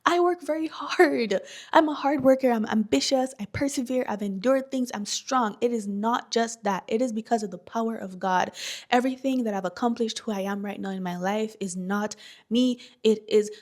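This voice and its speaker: A woman's voice: a little high, normal speed, a little mellow. A woman talking straight to camera as a faith-based business founder, earnest and heartfelt, stressing points by repeating them in a preacherly way. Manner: emphatic, repeats lines for stress. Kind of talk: personal vlog monologue.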